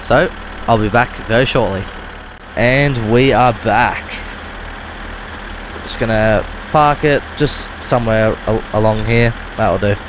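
A man's voice: fairly low pitch, slow pace. A man with an Australian accent giving loose, rambling gameplay commentary, often correcting himself mid-sentence. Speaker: gaming video host. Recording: car engine noise behind.

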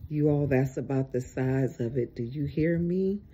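An online preacher giving an informal video sermon, tired and exasperated, with drawn-out, emphatic exhortations. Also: medium pitch, dark tone, slightly rough, highs cut off.

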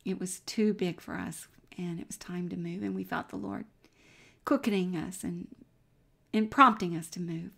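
A middle-aged woman giving an earnest personal faith testimony as a Christian speaker. She tells her story warmly and sometimes drops to a near-whisper. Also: on the low side, normal speed, gravelly, husky.

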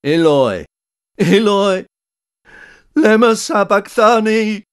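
A man reading scripture aloud, voicing a dying man who cries out in loud, strained anguish. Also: on the high side, drawn-out words, no room sound, clean studio sound, voice pushed up.

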